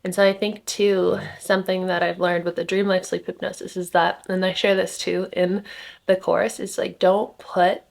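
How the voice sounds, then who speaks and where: A woman's voice: fairly low pitch, flat delivery, moderate pace, creaky. A young woman in casual spiritual vlog talk, rambling with many fillers and small laughs, slightly congested from just waking up. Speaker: spiritual content creator. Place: rented home indoors.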